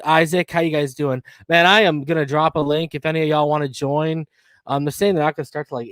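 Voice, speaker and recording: A man's voice: on the high side, no room sound. Hyped young-sounding man on a dry mic. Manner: excited, loose and slangy, shouting out viewers. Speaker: live stream host. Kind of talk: casual live football chat.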